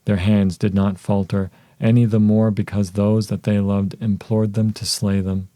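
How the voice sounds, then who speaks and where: A man voicing a devoted young wife in an audiobook, soft and measured, with a very mellow, low voice. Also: little pitch movement, no room sound, natural voice. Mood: solemn tender.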